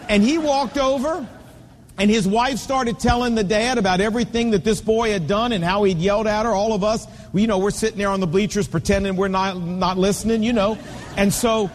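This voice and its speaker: Male preacher, 50s, high-pitched and emphatic, storytelling sermon style, recorded with long hall reverb. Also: steady tone, fairly quick, a little hiss or hum. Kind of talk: sermon to men on fatherhood.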